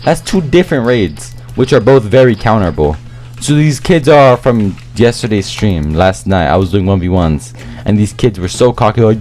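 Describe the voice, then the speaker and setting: A young man commenting on his own gameplay, talking in slangy, excitable, rambling trash talk. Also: on the low side, normal speed, soft background music. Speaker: gaming YouTuber.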